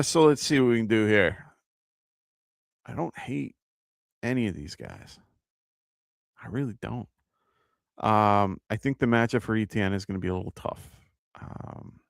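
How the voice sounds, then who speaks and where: A man's voice: fairly low pitch, creaky, no echo, clean studio sound. A man with a New York accent hosting a live fantasy football show, chatting casually, thinking aloud with fillers and reading out viewer questions. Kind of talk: live-stream fantasy advice chat.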